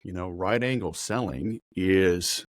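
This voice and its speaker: Middle-aged male sales coach, deep voice, quick chatty delivery, dry close mic. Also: no room sound. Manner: rapid, conversational, full of fillers and analogies. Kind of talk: casual motivational talk.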